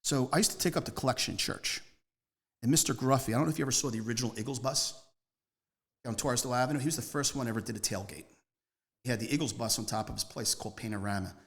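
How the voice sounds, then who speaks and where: A man's voice: mid-range voice, fast. Rambling man telling stories. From Northeast Philadelphia. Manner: rambling, emphatic, jumps between stories. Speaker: guest. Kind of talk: casual storytelling interview.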